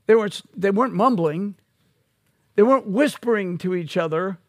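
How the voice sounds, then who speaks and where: A male pastor preaching an expository sermon, slow and emphatic, rising to loud peaks on key words. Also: high-pitched, dry recording, clean studio sound.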